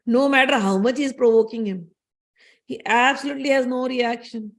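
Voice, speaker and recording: A woman's voice: fairly high pitch, fairly even intonation, fairly quick. A woman giving an earnest scripture discourse as a spiritual teacher, repeating key phrases as she explains a story.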